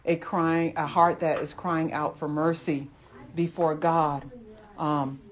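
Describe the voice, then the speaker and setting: Low-voiced earnest woman Bible teacher. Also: level tone, slow pace. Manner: earnest, emphatic, repeats phrases, many "you know" asides. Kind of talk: conversational Bible lesson sermon.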